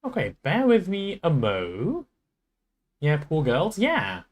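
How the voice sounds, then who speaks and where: Animated streamer, lively pitch. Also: male voice, takes it slowly. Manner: animated, swears casually. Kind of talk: reading a novel aloud and chatting on stream.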